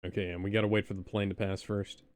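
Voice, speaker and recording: A man's voice: on the low side, level tone, quick pace, a little mellow, no room sound. A man streaming an old adventure game, reading its narration aloud and adding wry, laid-back comments into a close microphone at home. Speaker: let's play streamer.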